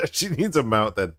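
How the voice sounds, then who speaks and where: A man's voice: mid-range voice, a bit bright, slight background noise. A man streaming a game, chatting casually in a rambling way with joking asides. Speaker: gaming streamer. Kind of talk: casual chat while gaming.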